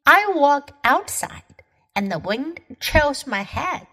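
A woman's voice: sits high, sing-song, slow, bright, forceful tone, heavily acted. A woman voicing a cold frontier man. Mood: plain.

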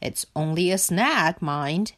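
A woman voicing a firm, adventurous male rat who speaks in a brisk, stern way. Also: low-pitched, sing-song, full character voice.

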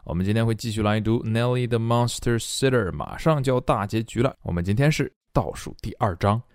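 A man with a Chinese accent, a native Mandarin speaker, teaching a bilingual English reading class in a playful, animated way. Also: fairly low pitch, fairly quick, dry recording, clean studio sound.

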